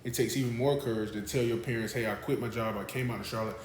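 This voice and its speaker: A man's voice: fairly low pitch, fairly even intonation, quick pace. A man hosting a podcast, asking rambling, searching questions. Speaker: podcast host. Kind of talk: casual interview questions. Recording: roomy podcast audio with faint hiss.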